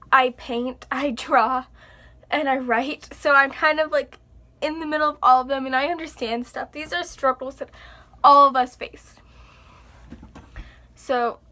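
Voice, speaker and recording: A young woman chatting casually to her viewers, animated and chatty, acting out exasperated reactions. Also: high-pitched. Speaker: vlogger. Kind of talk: casual chat to camera.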